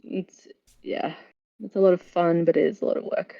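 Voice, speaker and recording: A woman's voice: lowish voice, fairly even intonation, normal speed, vocal fry. Australian woman, muffled lo-fi audio. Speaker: guest, actor and audiobook narrator. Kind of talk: casual chat.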